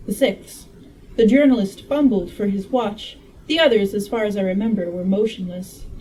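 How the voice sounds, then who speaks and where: A woman narrating a classic novel in a relaxed read-aloud style with self-mocking asides. Her voice is mellow and a touch high, set back from the mic. A faint hiss sits behind her. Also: distant mic, poor audio. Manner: reads steadily, breaks off for joking asides. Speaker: audiobook reader.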